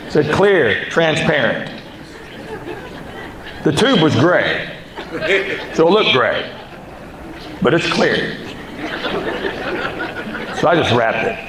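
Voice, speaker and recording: A man performing stand-up comedy, telling a story in a deadpan, matter-of-fact way full of quoted back-and-forth. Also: fairly high pitch, takes it slowly, long pauses, a crowd in the background. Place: comedy stage before a live audience. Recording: roomy live recording with loud background noise.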